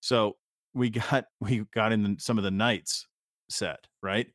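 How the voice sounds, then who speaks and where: Low-pitched guy rambling thru a story on a podcast, cussing a bit, dry mic. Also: steady tone, slow pace, fairly bright tone, no room sound. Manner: rambling storyteller, swears casually. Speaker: podcast co-host. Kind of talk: casual sports chat.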